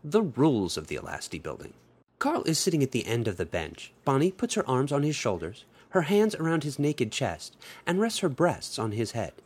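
A man narrating an adult story in an expressive storytelling manner. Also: medium pitch, moderate pace, hardly any pauses, breathy edge. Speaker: audiobook narrator.

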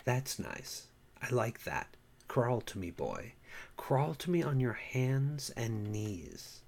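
A man reading the lines of a bossy, teasing adult woman in a husky, breathy voice, slow and commanding. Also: medium pitch, very animated, darkish tone, heavily acted.

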